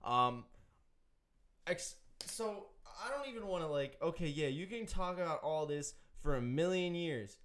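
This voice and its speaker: A man's voice: on the high side, unhurried. Jokey man hosting a sports show. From Irish descent. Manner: jokey, animated, reads quotes aloud. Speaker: sports podcast host. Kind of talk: casual sports chat.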